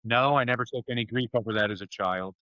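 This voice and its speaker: A man talking on a podcast with a bright, forceful voice, full of enthusiasm and quick jokes. He tells stories with lively energy. The sound is dry and close, with no room echo. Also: medium pitch, dull audio. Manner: enthusiastic, jokey, animated storytelling. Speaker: guest speaker and author. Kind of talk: energetic conversational interview.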